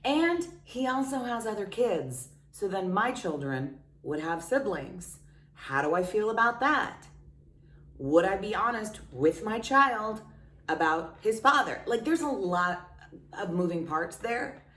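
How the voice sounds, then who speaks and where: A woman vlogger tells a personal story in a candid, chatty, self-mocking way, a kind of casual confessional. Her medium-pitched voice is lively, unhurried and a bit bright. The sound is roomy, as if she's some distance from the mic.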